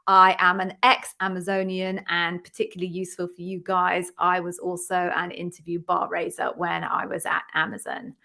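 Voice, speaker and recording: A woman's voice: medium pitch, a bit bright. Chatty English woman hosting live. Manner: chatty, upbeat, greets viewers by name. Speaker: interview coach hosting a live Q&A. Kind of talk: casual live-stream chat. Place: home office with a ring light.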